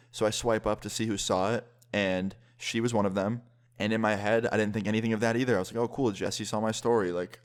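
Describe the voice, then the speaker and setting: A young man casually telling a personal story as a vlogger, lively and quick, with some swearing. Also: fairly low pitch. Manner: lively, fast-paced retelling with swearing.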